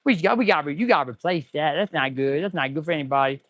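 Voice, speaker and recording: A smooth-talking ladies' man with a slow, knowing drawl, as a man puts him on. The voice sits high and drags each phrase out. It is dry and close, with little room sound. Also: lively intonation, fairly bright tone, no room sound.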